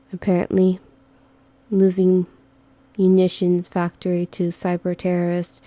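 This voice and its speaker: A woman doing a flat, deadpan companion. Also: lowish voice, no echo, close to an everyday voice. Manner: monotone, deadpan. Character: low-key, dry, monotone companion character.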